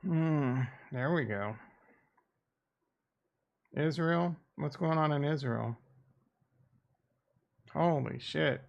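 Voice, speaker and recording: Gravelly, profane man muttering on stream. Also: fairly high pitch, very slow, long pauses, highs cut off. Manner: blunt, profane, sarcastic muttering to himself. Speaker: crypto streamer. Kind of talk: casual live-stream commentary. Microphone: desk microphone.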